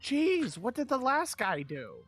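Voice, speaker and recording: A player in a tabletop game, talking in a rambling, animated way and swearing freely. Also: sits high, a little slow, soft background music.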